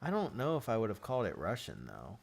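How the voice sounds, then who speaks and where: A man's voice: on the low side, wildly swooping pitch, quick pace, gravelly, slightly rough, faint music behind. A man hosting a casual live stream, chatting with viewers and reacting as he goes.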